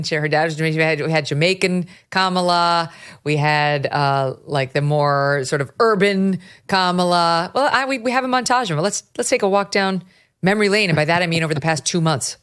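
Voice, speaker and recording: Lower-pitched woman hosting a political show. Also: a bit bright, clean tone. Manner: amused, mocking, laughs often; chatty and blunt. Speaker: podcast host.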